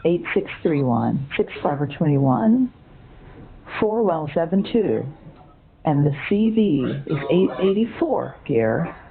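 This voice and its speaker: A woman's voice: low-pitched, very animated, takes it slowly, vocal fry, faint music behind, heavily acted. A computer voice of a woman playing a dotty old woman who believes she is a parakeet, sweetly befuddled and breaking into squawks and chirps over the phone. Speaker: scam-baiting bot. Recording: tinny phone line.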